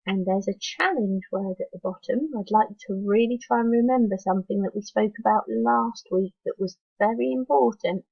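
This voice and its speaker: A woman teacher leading a phonics lesson for young children, slowly sounding out letters one at a time and encouraging them to join in. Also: medium pitch, creaky, dark tone, slightly rough, no echo, dull audio. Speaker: primary school teacher.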